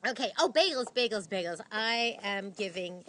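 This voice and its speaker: A woman's voice: mid-range voice, animated, normal speed, a bit bright, a little hiss or hum. A woman hosting a film review show, talking in a casual, gushing way with lots of fillers and restarts. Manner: gushing, chatty, rambling with many fillers.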